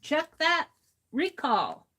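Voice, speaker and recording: A woman's voice: high-pitched, huge pitch swings, extremely slow, bright, forceful tone. A woman hosting an art livestream, chatting casually while she draws and reading viewer comments aloud with easy laughter.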